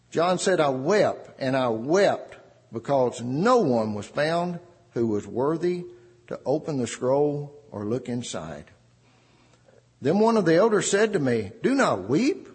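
A man preaching a sermon, emphatic and repeating phrases for stress, with a husky voice. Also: a little high, long reverb tail.

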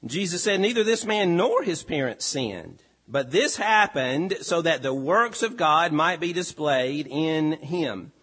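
A male pastor delivering a sermon, slow and emphatic with deliberate pauses. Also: on the high side, animated, a bit bright, slightly rough, in a large hall.

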